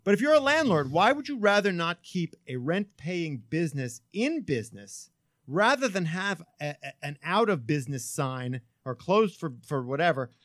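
A man hosting a casual talk radio show, an animated, swearing, rambling storyteller on a close studio mic. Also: on the high side, moderate pace, no room sound.

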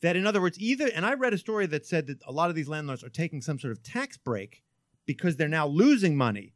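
A man hosting a casual talk radio show, an animated, swearing, rambling storyteller on a close studio mic. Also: on the high side, quick pace, dry recording.

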